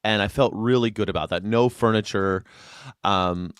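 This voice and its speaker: A man hosting a live call-in show, rambling and excitable, swearing freely as he talks. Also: fairly low pitch, normal speed, clear, resonant tone, dry recording, clean studio sound. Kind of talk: casual call-in chat.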